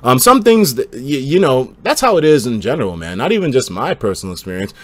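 A young man livestreaming and reading chat, slangy and profane, swinging between hyped outbursts and low mumbling. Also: sing-song, fast talker.

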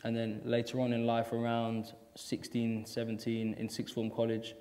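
A man, chatting with a host in front of a live audience, animated and acting out the voices in his stories. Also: medium pitch, normal speed. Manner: animated storyteller, acts out quotes, laughs often. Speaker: actor and filmmaker, festival guest. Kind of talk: casual live-audience conversation. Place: festival event hall. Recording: reverberant hall.

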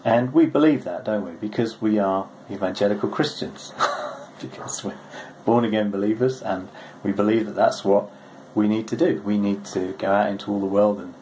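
A male pastor giving a short, gentle, conversational devotional, reading scripture aloud. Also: on the low side, moderate pace, slight background noise, poor audio.

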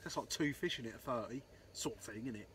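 A man's voice: medium pitch, fast talker, fairly bright tone, slight background noise. A man telling a rambling fishing story, swearing constantly and saying "um, so anyway" a lot. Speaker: angler vlogger. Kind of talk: casual storytelling.

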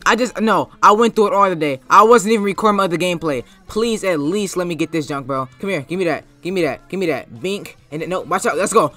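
Young male gaming YouTuber, bright, slightly high voice, hyped slangy trash talk over faint game music. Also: expressive, quick pace, hardly any pauses, dry recording. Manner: repeats short catchphrases. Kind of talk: live gameplay commentary.

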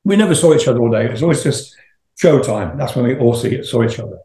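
A man's voice: medium pitch, animated, quick pace, warm tone, roomy sound. An older man, a rock singer as interview guest, telling long rambling stories with laughs and swearing. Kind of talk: casual storytelling.

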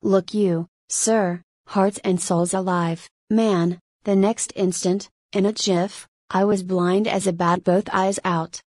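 A woman's voice: fairly low pitch, a little mellow, no room sound. A woman voicing a one-armed English whaling captain who spins a long, rambling yarn with good humor.

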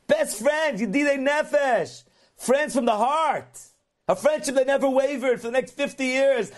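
High-voiced man telling a dramatic story. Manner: animated, dramatic storytelling with Hebrew and Yiddish words. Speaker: Torah lecturer. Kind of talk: storytelling lecture.

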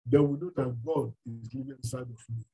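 A man's voice: medium pitch, fairly even intonation, brisk, mellow, husky, low-quality recording. A man with a Nigerian accent preaching a sermon, emphatic and full of rhetorical questions.

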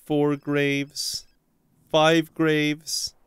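A young Irish gaming YouTuber delivers gameplay commentary over a life-sim game in a fairly high, completely flat voice, drawing out his words. The sound is smooth with no room sound, and his commentary is playful and sarcastic, full of laughter and sudden yelps.

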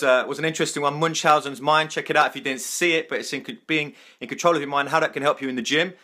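A man leads a live-streamed motivational talk in a bright, forceful voice. He talks loosely and off the cuff, often restarting his sentences. He keeps circling back to the same phrases to drive his message home. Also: fairly high pitch. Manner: repetitive, emphatic, restarts phrases. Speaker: motivational vlogger.

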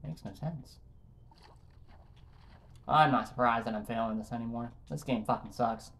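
A man's voice: mid-range voice, normal speed, creaky, a bit bright. A young man commentating his own gameplay, frustrated and swearing at the game as he keeps failing jumps. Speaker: gaming YouTuber. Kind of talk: let's play commentary.

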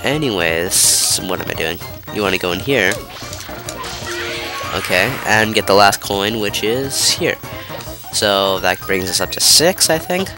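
Sitting low in pitch and moving a little slowly, this young man's stuffy, nasal voice shows he has a cold. He's a let's play commentator who rambles casually, interrupts himself, and leans on fillers while game music plays.

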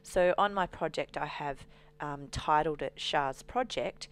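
Low-voiced woman demonstrating software. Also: unhurried, clean tone. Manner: steady explanatory pace with frequent ums. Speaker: software trainer.

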